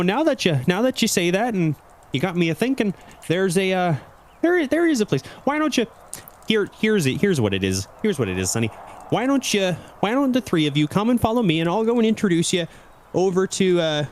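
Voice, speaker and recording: A man's voice: sits high, big pitch swings, a little fast, pitched above the performer's own voice. A man voicing a chatty, homespun female mouse dock master with a put-on Wisconsin accent. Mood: friendly.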